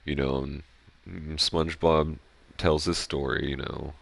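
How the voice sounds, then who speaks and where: A man chatting casually over gameplay, rambling excitedly and swearing freely. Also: rumbling low, unhurried, creaky. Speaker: gaming streamer.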